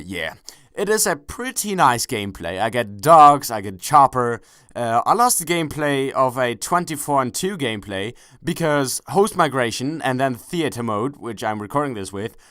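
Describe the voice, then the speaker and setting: Lively, rambling young man commentating gameplay. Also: medium pitch, smooth, no room sound, studio quality. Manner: rambling, self-correcting, swears casually, jokey. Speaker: gaming commentator. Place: at home, kneeling without a chair.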